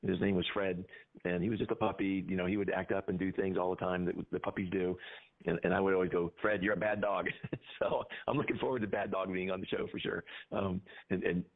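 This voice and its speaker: A man with a very deep voice rambles sarcastically through casual radio chat at a fast pace. His voice comes through a tinny, phone-like line. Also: steady tone, creaky. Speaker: radio show co-host.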